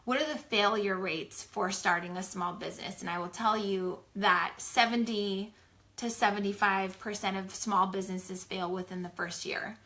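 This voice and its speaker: A woman in her forties telling her business story in a casual live chat, animated and chatty, full of "like". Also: mid-range voice, normal speed. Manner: chatty, animated, heavy use of "like". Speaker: small business co-owner sharing her story.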